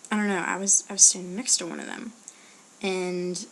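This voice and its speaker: A woman's voice: fairly low pitch, little pitch movement, normal speed, a bit bright, a little hiss or hum. A young woman answering a list of questions in a casual, rambling audio post, with hesitant fillers and murmured asides. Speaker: blogger answering a question meme.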